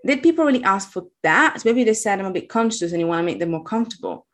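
A woman with an Italian accent, co-hosting a casual podcast chat and talking in animated, exasperated asides. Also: mid-range voice, fast. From Italy. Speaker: podcast co-host.

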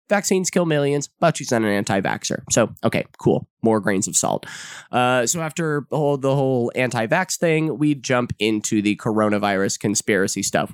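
A man's voice: clean tone, no room sound, studio quality. Sarcastic man ranting commentary. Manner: sarcastic and profane, mock-dramatic jumps into high pitch. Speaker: online commentator.

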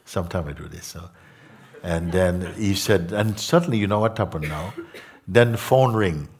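With a husky voice that sits low, a man leads a satsang as a spiritual teacher, talking slowly and reflectively to those gathered. He keeps slipping in "no?" and "hmm?" as tag questions.

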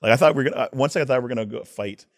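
A man telling casual stories about working in hockey, acting out shouted quotes as he goes. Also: medium pitch, very fast, no room sound, studio quality. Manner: animated storyteller, acts out shouted quotes. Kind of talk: casual anecdotal storytelling.

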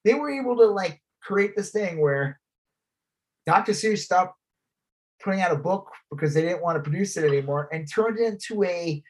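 A man co-hosting a podcast, talking in a blunt, animated, rambling way with plenty of swearing. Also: high voice, normal speed, slightly rough, low-quality recording. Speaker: podcast co-host. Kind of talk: casual political chat.

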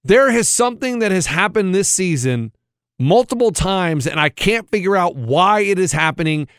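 A man cohosting a radio show, telling a story in animated, incredulous casual banter. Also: sits high, moderate pace, clear, resonant tone, dry recording, studio quality.

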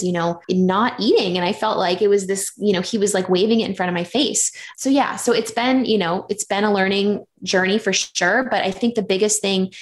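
A woman in her thirties talking openly in a casual conversation, chatty and animated when she retells things. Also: medium pitch.

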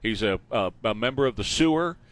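A man hosting morning talk radio in a studio, joking and animated, often repeating phrases. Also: fairly low pitch, a little fast, dry recording. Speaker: radio talk show host. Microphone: studio microphone.

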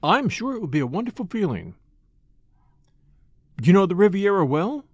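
A man's voice: high-pitched, big pitch swings, moderate pace, dry recording, studio quality. A man voicing Ruth, an eager, troubled rich woman. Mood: chatty. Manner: eager, pleading. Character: wealthy, spoiled young woman, restless and distressed.

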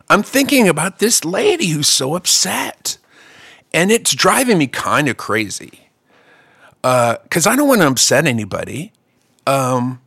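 A comedian man tells a story in relaxed conversation, his voice ranging widely and sounding crisp and bright. He jumps between loud bursts and low, muttered asides. The sound is dry and close. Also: dry recording. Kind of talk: casual storytelling chat.

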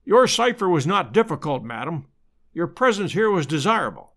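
A man reading aloud and voicing a calm, shrewd detective who speaks in a measured, precise way. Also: on the high side, heavily acted. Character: calm, shrewd male detective, middle-aged, dry.

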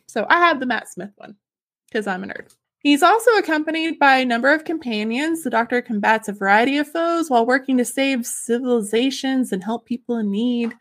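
Woman, high voice, giggly, enthusiastic, casual podcast chat, fun facts. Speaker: podcast host.

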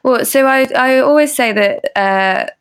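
A woman's voice: sits high, measured pace, smooth. A woman copywriter, a guest on a podcast, explaining her craft in a thoughtful way, with frequent ums and restarts. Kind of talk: casual interview answers.

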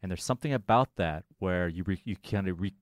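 Low-voiced man telling jokey stories. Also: quick pace, no echo, clean studio sound. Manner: loose, joking storyteller who swears freely. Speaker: podcast guest. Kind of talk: casual chat.

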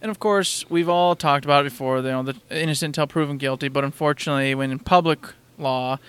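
Smooth-voiced man recapping news. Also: a little high, fast, fairly bright tone. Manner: storytelling recap, acts out crowd reactions. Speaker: podcast co-host. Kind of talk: casual chat.

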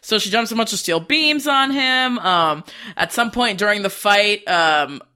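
A man's voice: sits high, measured pace, clear, resonant tone. A man co-hosting a casual movie podcast, recapping scenes with lots of laughter. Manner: animated storyteller, laughs while recapping. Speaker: podcast co-host.

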